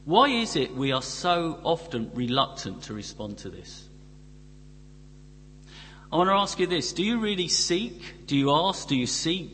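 A man's voice: mid-range voice, a bit bright. A middle-aged man preaching a sermon in a church, often asking the congregation rhetorical questions. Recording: long reverb from a church hall, faint hum.

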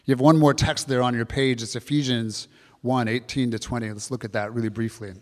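A man's voice: medium pitch, fairly even intonation, fairly quick, darkish tone, long reverb tail. A man preaching an earnest Easter sermon to his congregation, often repeating key phrases. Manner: earnest, repetitive preaching, addresses kids and congregation. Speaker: pastor.

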